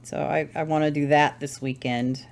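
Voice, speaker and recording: A woman's voice: sits low, steady tone, moderate pace, creaky. A woman hosting a crafting channel, chatting casually at home while she knits, rambling and correcting herself as she thinks aloud. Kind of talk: casual chat while knitting.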